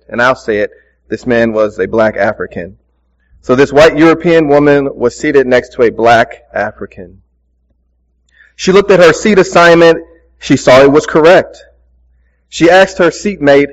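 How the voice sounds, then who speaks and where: A man's voice: fairly high pitch, normal speed, in a large hall, highs cut off. A man preaching a sermon, praying and telling a story with casual, earnest asides. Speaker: pastor.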